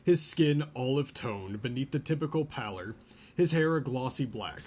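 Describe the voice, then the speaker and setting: A man reading a novel chapter aloud in a relaxed way, stopping now and then to joke about the story. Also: medium pitch, moderate pace, slightly rough. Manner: reads a novel aloud, breaks off for joking asides. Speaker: podcast host reading aloud. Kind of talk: casual read-aloud with asides.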